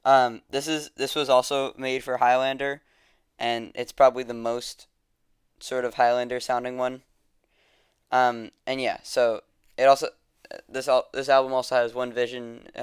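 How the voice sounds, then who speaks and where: A man's voice: mid-range voice, flat delivery, normal speed, clear, resonant tone, dry recording, studio quality. A man casually reviewing music in a rambling, enthusiastic way, with lots of ums and restarts. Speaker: music vlogger ranking albums.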